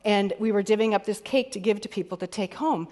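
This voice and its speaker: A woman's voice: medium pitch, a little fast, darkish tone. A woman executive coach giving a motivational keynote talk in a candid, conversational way, swearing casually now and then. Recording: long hall reverb.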